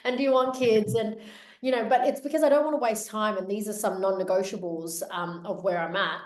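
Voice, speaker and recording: A woman's voice: mid-range voice, steady tone, a little fast. A woman hosting a podcast, talking openly and casually about her own dating life, with small laughs and restarts. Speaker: podcast host. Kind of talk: casual chat. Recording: roomy echo.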